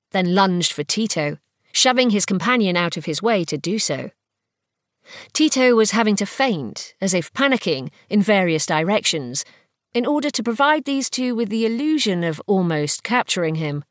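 A woman's voice: mid-range voice, dry recording. Woman reading fiction, dry close sound. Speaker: audiobook narrator. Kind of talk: scripted fiction narration.

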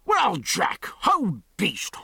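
A man's voice: sits high, huge pitch swings, drawn-out words, vocal fry, slightly rough, dry recording, voice pushed up, heavily acted. Man doing a blustering, coarse old general. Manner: loud, brusque, scoffing.

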